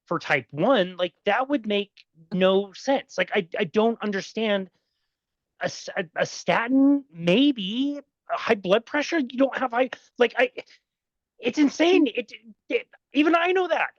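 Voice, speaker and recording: A podcast host who jokes at their own expense and gets animated while reacting. The sound is dull and lo-fi. The room is dry and close. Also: medium pitch, unhurried, dry recording. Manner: self-deprecating, animated. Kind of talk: podcast interview.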